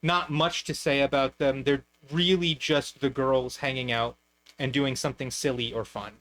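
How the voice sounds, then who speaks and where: A man's voice: medium pitch, fairly even intonation, normal speed, fairly bright tone. A young man hosting a casual stream chat about anime, rambling with fillers, restarts and the odd swear. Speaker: streamer host.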